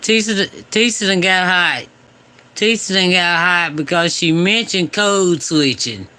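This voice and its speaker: A man's voice: high voice, measured pace, sharp tone, clear, resonant tone. A man co-hosting a live commentary stream, talking in a laid-back, amused way. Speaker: co-host.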